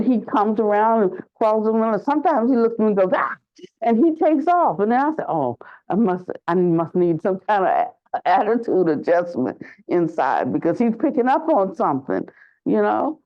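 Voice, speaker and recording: Older woman, Buddhist teacher, dharma talk, slow, reflective, searching for words, muffled lo-fi sound. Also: mid-range voice. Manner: reflective, searching for words, lively when telling stories. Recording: dull lo-fi recording.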